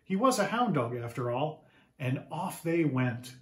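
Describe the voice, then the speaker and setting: A man reading his picture book aloud to children, animated and asking the listeners questions. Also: a little high, unhurried, roomy sound.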